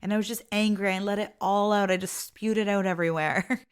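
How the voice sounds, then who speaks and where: A woman's voice: medium pitch, fairly quick, smooth. A middle-aged woman hosting her own podcast, talking casually and expressively about her life as a mother. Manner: chatty and expressive, with frequent "like" and an occasional laugh. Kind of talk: casual personal monologue.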